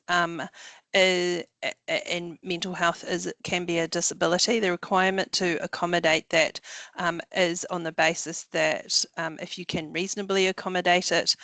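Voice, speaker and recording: Gravelly, flat-voiced New lawyer. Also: mid-range voice, dry recording. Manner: measured, many ums and restarts. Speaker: employment lawyer presenting. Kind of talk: webinar Q&A answers.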